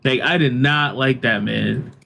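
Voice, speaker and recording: A man's voice: medium pitch, a little slow, vocal fry, pushed and bright. A man co-hosting a podcast in casual chat, blunt and laid-back, swearing casually. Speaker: podcast co-host.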